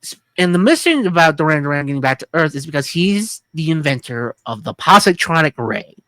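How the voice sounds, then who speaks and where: A low-voiced woman co-hosts a film review podcast. She rambles and jokes crudely in a very lively, swinging tone that often restarts itself, and she is recorded dry with no room sound. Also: fairly quick, dry recording. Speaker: podcast co-host. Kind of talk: casual film review chat.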